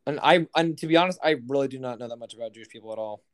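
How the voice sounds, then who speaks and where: A man's voice: medium pitch, racing, smooth. A young man co-hosting a podcast in casual chat, rambling with lots of fillers and profanity. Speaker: podcast co-host.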